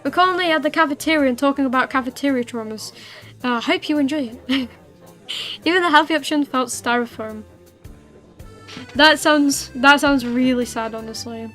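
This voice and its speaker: Chatty high-voiced woman streamer. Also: moderate pace, long pauses, a bit bright, soft background music. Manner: rambling, chatty, frequent fillers and restarts. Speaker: livestream host. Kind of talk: casual chat with viewers while streaming.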